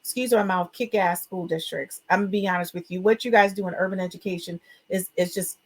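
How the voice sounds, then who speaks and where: A woman's voice: on the low side, fast talker, slightly rough. A woman hosting an education podcast, chatty and upbeat, with frequent fillers. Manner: expressive and emotional. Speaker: podcast host. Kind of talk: casual podcast talk.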